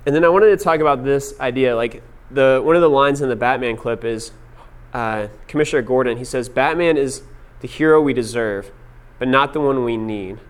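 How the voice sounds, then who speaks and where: A man's voice: mid-range voice, moderate pace, smooth. A young man preaching a casual sermon, telling stories with lots of filler words. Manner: casual storytelling with many fillers. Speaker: pastor.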